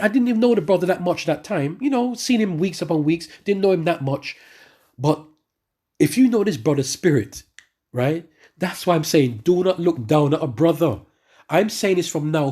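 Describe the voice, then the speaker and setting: A man giving a spoken religious testimony to his congregation, telling his story in an animated way with many asides and restarts. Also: high voice. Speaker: church member giving testimony.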